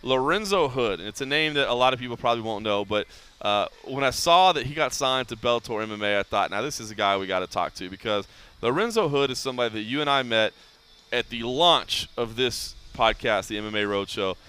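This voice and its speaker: Brisk bright-voiced male podcast host. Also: medium pitch, clear, resonant tone. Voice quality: animated storyteller, acts out quotes in raised voice. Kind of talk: casual podcast chat.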